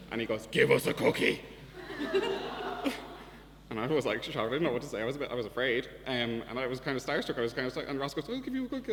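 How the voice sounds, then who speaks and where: A young Irish man telling a comic story in a profane, deadpan way as a student debate speaker in a debating chamber. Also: medium pitch. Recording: reverberant hall with faint hum.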